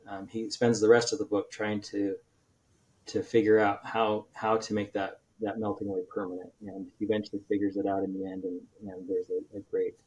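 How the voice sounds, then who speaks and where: A man with a fairly low voice talks as a podcast guest, retelling a story at length. He stumbles and restarts his sentences often, filling the gaps with ums and uhs. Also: a little mellow, highs cut off, a little hiss or hum. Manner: rambling retelling with many restarts and fillers. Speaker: author guest. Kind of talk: casual podcast interview.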